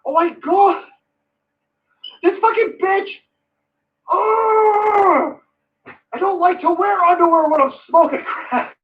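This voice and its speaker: Mocking bit: a man playing a whiny, shameless grown son, pitched way up, on a dull stream mic. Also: slow pace, pauses often. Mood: mocking whine. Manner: high, whining, mocking.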